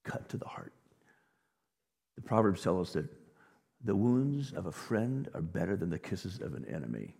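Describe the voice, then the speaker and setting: Husky-voiced male pastor preaching in a hall. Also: low voice, sing-song, normal speed. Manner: dynamic preaching, drops to a near whisper and rises to loud emphasis. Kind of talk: sermon. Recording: long reverb of a large hall.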